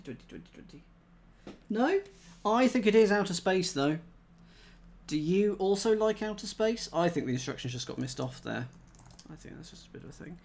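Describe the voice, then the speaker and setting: A man's voice: mid-range voice, a little hiss or hum. A man thinking aloud as he solves a cryptic crossword live, chatting with viewers and laughing at himself. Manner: chatty, reads chat aloud, self-mocking laughs.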